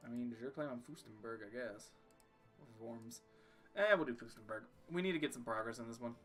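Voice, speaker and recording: A man's voice: mid-range voice, brisk, fairly bright tone, faint music behind. A young man casually commenting on his strategy game as he plays, joking and talking to himself and the game. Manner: jokey, talks to himself and the game. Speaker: streamer playing a strategy game.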